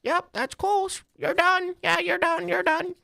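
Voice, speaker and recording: A man putting on a woman's high falsetto voice, calling out a grappling match in short repeated phrases. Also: level tone, unhurried, vocal fry, bright, forceful tone, dry recording, full character voice. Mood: breathless. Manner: clipped repeated calls. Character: woman fighter turned fight announcer, squeaky falsetto.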